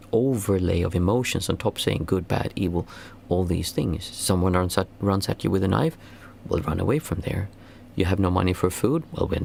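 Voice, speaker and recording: A man as a meditation teacher answering questions in casual talk, earnest and rambling, restarting phrases and jumping high to stress a point. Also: creaky, slight background noise.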